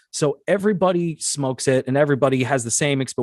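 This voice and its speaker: A man hosting a loose, casual interview, telling stories with lots of energy and plenty of swearing. He jumps into different voices when he quotes people. His voice sits a little high and sounds dry and close. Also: brisk, hardly any pauses, no room sound. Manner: animated, acts out quotes in swinging voices, swears freely. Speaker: host.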